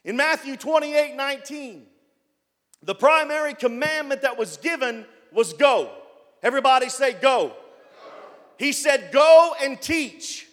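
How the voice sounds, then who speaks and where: A man preaching a sermon as pastor, building up to loud shouted passages. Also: very high voice, a little slow, big-room sound. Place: church.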